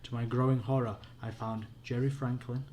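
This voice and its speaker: A father with a Yorkshire accent reads a spooky children's book aloud at bedtime. His voice sits at an ordinary middle pitch, and the reading is plain and unpolished. A faint hiss sits behind him. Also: little pitch movement, normal speed, a little mellow.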